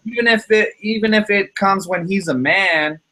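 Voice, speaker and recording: A man's voice: high voice, normal speed, pushed and bright. A man in his thirties hosting a casual podcast chat, rambling, profane and heated as he vents about his kids. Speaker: channel host.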